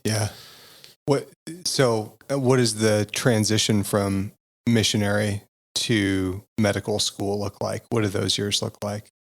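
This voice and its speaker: A man's voice: on the low side, little pitch movement, a little slow. A man hosting a podcast interview, reacting with short remarks and asking follow-up questions. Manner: laughs easily, short reactions. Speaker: podcast host. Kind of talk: casual interview.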